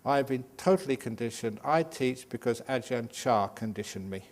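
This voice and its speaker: An older man, a Buddhist monk, teaching meditation in a humorous, lively Dhamma talk full of jokes. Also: mid-range voice, moderate pace. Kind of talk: Dhamma talk at a day retreat.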